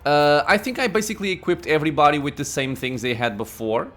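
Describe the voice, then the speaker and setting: A man's voice: fairly high pitch, fast talker, fairly bright tone, faint music behind. A man giving casual gameplay commentary as a let's play host, thinking aloud with many "uh"s and laughing at himself.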